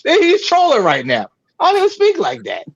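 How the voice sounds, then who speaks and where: Man, high voice, lively pitch, stammering, defensive, repeats himself, casual call chat. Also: normal speed, dry recording, lo-fi sound. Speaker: panelist on a live stream.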